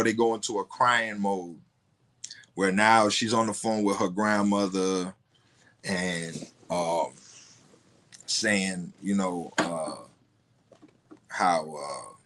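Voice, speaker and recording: A man appearing as a podcast guest recounts a personal story in a medium-pitched, slightly bright voice. His speech is casual and profane, halting with frequent restarts.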